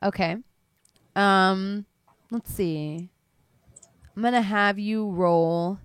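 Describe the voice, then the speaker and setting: A woman's voice: mid-range voice, extremely slow, clear, resonant tone, no echo. Playful woman game master, dry. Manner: playful, laughing, conversational narration. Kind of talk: narrating a tabletop game.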